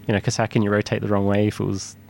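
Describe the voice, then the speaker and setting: A man's voice: lowish voice, flat delivery, very fast, creaky. A man talking casually about retro arcade hardware in a podcast conversation, rambling with restarts and frequent laughs. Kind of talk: casual chat.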